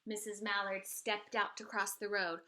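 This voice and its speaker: A woman teacher reading a picture book aloud to children, expressive and pointing out the pictures. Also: mid-range voice, normal speed.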